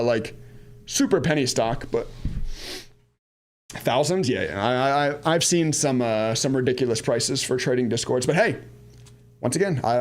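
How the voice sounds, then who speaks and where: A man's voice: mid-range voice, darkish tone. A man in his thirties from the Washington DC area, chatting casually on a trading live stream, rambling, answering viewer chat and laughing at himself. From United States, Washington DC area. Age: 30s. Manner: laughs at himself, goes off on tangents.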